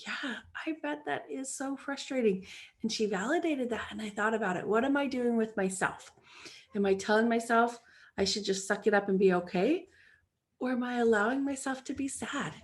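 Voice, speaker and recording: Fortyish woman coach doing her podcast, kinda high voice, earnest and encouraging, acts out her own inner voices. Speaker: life coach, podcast host. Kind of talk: solo podcast talk.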